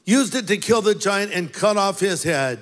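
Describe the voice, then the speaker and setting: High-voiced pastor preaching in a reverberant hall. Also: male voice, animated, moderate pace, a bit bright. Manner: storytelling preacher, playful asides to the congregation. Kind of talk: sermon.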